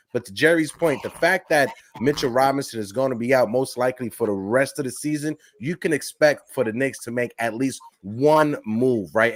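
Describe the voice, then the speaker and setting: A man co-hosting a casual sports podcast, excitedly building hypotheticals and repeating himself as he talks. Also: mid-range voice. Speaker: podcast co-host.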